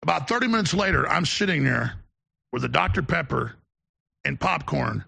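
A man's voice: fairly high pitch, lively intonation, normal speed, vocal fry, sharp tone, breathy edge. A man hosting a show, telling long rambling anecdotes in a casual on-air manner. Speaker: show host.

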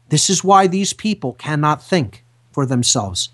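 A man's voice: fairly high pitch, big pitch swings, normal speed. A man hosting a talk radio show who speaks emphatically, repeating key phrases in a lecturing manner. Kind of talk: impassioned talk radio monologue.

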